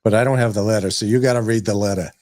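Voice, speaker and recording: A man hosting a casual livestream chat who breaks in with quick interjections and eager questions. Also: on the low side, steady tone, darkish tone. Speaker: host.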